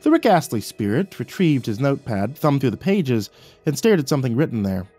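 Male horror narrator, measured and dramatic, faint music underneath. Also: mid-range voice, big pitch swings, darkish tone. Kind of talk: scripted horror story narration.

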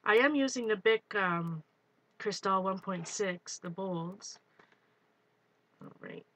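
A woman hosting a live art stream, chatting excitedly as she works and greets viewers. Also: mid-range voice, slow pace, a little hiss or hum. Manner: excitable, talks while working, greets viewers. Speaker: art livestream host. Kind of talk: live crafting demo, chatty.

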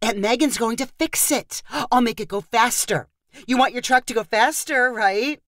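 A woman's voice: a little high, moderate pace, a bit bright, no room sound, studio quality, pitched above the performer's own voice, close to an everyday voice. A woman voicing a frazzled, exasperated young aunt at her wits' end, with pleading, exclamatory outbursts. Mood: coaxing.

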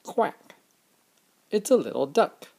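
A father gently reading a picture book aloud to his young children, in a slow, expressive way. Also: mid-range voice, gravelly.

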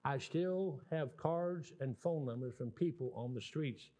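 A Southern US man in his sixties, speaking at a medium pitch and an unhurried pace, preaches a sermon as a guest preacher. He tells stories in a folksy, animated, rambling way, often restarting his sentences.

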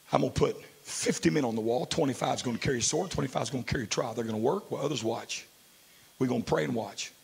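A male pastor preaching a sermon in a large church, moving from hushed storytelling to shouted declarations. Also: mid-range voice, vocal fry, husky.

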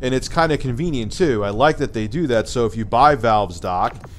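A man's voice: mid-range voice, lively intonation, moderate pace, a little hiss or hum. A man hosting a casual livestream, reading super chats and ranting sarcastically with a lot of swearing. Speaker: livestream host.

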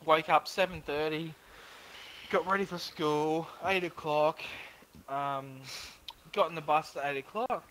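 A man's voice: on the high side, a little slow, pauses often, fairly bright tone. An Australian man in game voice chat, telling a crude, rambling story between laughs. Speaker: gamer in party chat. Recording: noisy voice chat line.

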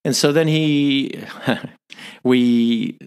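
A man in his fifties with a Northern Irish accent, a podcast guest telling stories with animated delivery, often repeating words as he searches. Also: medium pitch, drawn-out words, smooth. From Northern Ireland. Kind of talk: storytelling interview.

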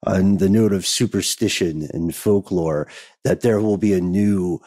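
A man co-hosting a podcast, explaining things in a thoughtful, measured way. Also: deep voice, warm tone, no echo, clean studio sound. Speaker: podcast co-host. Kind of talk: casual podcast discussion.

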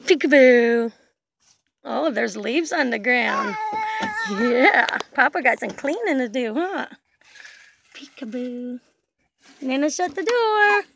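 Older woman, a grandmother cooing slow baby talk outdoors; squeaky-high, coaxing, playful. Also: a bit bright, no echo. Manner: sing-song, coaxing, playful. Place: back yard, outdoors.

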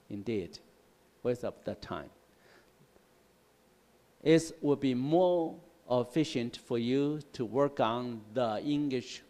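A male English teacher giving a classroom lecture on word roots, explaining slowly and repeating himself, often checking with "right?" and "okay?". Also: medium pitch, darkish tone. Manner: slow, repetitive explaining with frequent "right?" and "okay?". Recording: long hall reverb in a classroom.

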